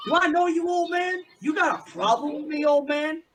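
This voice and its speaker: A man's voice: very high-pitched, expressive, moderate pace, a bit bright, slight background noise, pitched above the performer's own voice. A man voicing a swaggering, bullying outlaw gunslinger in a tabletop game, in a taunting, boastful drawl.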